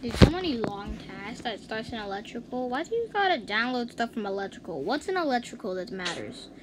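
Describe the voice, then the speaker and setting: A woman giving casual gameplay commentary, chatting and reacting out loud to each round as the channel's host. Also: on the high side, big pitch swings, brisk. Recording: noisy home recording.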